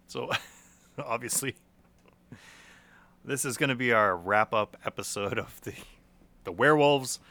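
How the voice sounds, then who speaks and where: Gravelly, laughing young podcast man. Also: mid-range voice, measured pace, long pauses, sharp tone. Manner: joking, laughs often, stumbles and repeats words. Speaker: podcast co-host. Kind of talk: casual chat.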